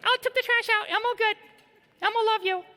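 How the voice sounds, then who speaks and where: A man voicing a childlike furry monster puppet in a high falsetto, speaking in short clipped phrases. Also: fairly even intonation, a little fast, bright, forceful tone, exaggerated voice. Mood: falsely cheerful. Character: squeaky childlike furry monster puppet, insisting all is fine. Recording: long hall reverb.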